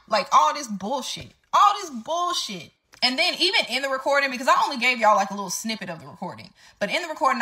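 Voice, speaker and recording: Young woman, bright voice, blunt and heated, profane venting storytime. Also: a little high.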